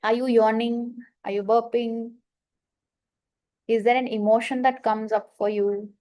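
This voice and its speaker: A woman coach leading a guided money affirmation exercise, slowly repeating statements and giving prompts to her listeners. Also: on the high side, level tone, warm tone. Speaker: manifestation coach leading a workshop.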